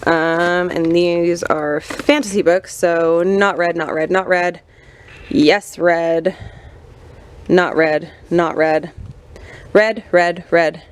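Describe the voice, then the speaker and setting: A young woman book vlogger chatting to camera at home among her bookshelves, self-mocking and quick to laugh. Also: lowish voice, fairly even intonation, a little hiss or hum. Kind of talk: casual chat to camera. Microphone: camera mic.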